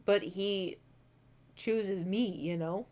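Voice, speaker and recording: A young woman chats to her viewers from her room at home, picked up by a desk mic. She rambles candidly, full of "like" and the odd curse, her pitch sitting in an ordinary middle range. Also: extremely slow, a little mellow. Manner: rambling, candid and swearing, many fillers. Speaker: streamer. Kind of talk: casual chat.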